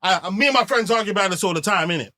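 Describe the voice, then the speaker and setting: Podcast host in his thirties, high, bright and dry close-miked voice, frank and slangy. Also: animated, racing, dry recording. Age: 30s. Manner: frank, slangy, laughs easily. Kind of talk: candid casual chat.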